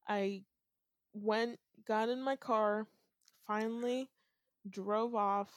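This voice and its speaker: A woman's voice: medium pitch, takes it slowly, pauses often, clear, resonant tone, no echo, clean studio sound. A young woman casually recounting a dream to a friend, often laughing as she tells it. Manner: laughs often, animated storytelling. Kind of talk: casual chat telling a dream.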